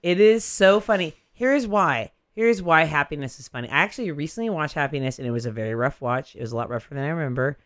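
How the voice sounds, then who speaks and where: A man hosting a radio show, teasing his guest with crude, quick-fire banter. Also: a little high, lively intonation, a bit bright, no echo. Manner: crude, teasing, rapid tangents. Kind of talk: casual banter.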